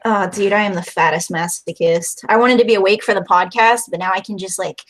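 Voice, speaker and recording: A woman's voice: medium pitch, steady tone, brisk. A woman from the American Midwest co-hosting a casual podcast, bubbly and goofy, wired on caffeine. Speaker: podcast co-host.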